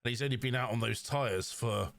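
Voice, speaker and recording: A man with a Cornish accent co-hosting a podcast, chatting through a race weekend with fillers and quick explanations. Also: medium pitch, vocal fry, fairly bright tone, no echo. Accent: Cornish English. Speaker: podcast co-host. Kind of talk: casual race recap chat.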